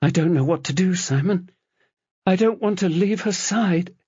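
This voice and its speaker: A man's voice: fairly high pitch, expressive, a little slow, darkish tone, breathy edge, dry recording, pitched above the performer's own voice, heavily acted. Male narrator doing a shaky, weepy mother, raised voice, lo-fi audiobook. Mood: tearful. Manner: tearful, shaky. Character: grieving tearful middle-aged mother.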